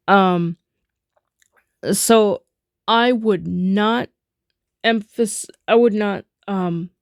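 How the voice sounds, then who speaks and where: A woman gives a spoken rhythm lesson, slow and halting as she chants rhythm syllables over and over. Her voice sits low with a gravelly fry. The room sounds dry and close. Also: darkish tone, dry recording. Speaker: music teacher.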